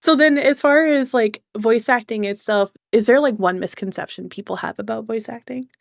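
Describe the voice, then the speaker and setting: A woman's voice: on the high side, moderate pace, gravelly, dry recording, studio quality. A woman hosting a casual interview as a VTuber, asking questions eagerly and encouragingly. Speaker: VTuber host.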